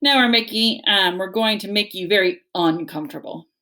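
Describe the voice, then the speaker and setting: A woman's voice: mid-range voice, moderate pace, sharp tone, natural voice. A woman voicing a sarcastic, bossy young female bear.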